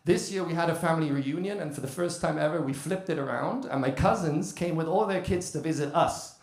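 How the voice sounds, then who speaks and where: A man's voice: a little high, fairly quick, creaky, reverberant. A man in his thirties from the UK doing a chatty stand-up comedy set with crowd work. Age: 30s. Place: comedy club stage.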